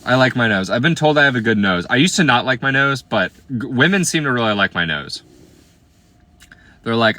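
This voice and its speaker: A man in his twenties from Iowa, chatting casually on a livestream while reading viewer comments, playful and slangy, often trailing off into quiet asides. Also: medium pitch, expressive, brisk, dry recording. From Iowa, USA. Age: 20s.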